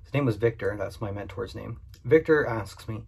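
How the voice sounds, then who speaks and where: Man, husky voice, casual story to camera, candid, conversational, cleaning business owner. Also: lowish voice, normal speed. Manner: conversational and candid, with frequent fillers.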